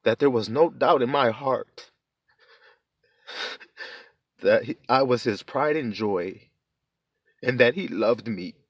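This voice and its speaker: A man's voice: medium pitch, measured pace, no room sound, highs cut off. A man telling a heartfelt personal testimony in a plain-spoken, casual way as he preaches. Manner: earnest, heartfelt storytelling.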